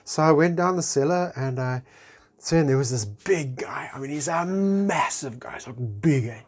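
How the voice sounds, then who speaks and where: A man sharing a personal testimony in a chatty, expressive way, full of fillers and acted-out dialogue. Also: a little high, normal speed. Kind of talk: animated personal storytelling.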